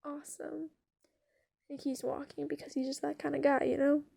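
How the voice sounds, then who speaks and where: A woman's voice: high voice, little pitch movement, quick pace, creaky, mellow. A woman telling an improvised story in a casual, rambling way, full of fillers and swearing.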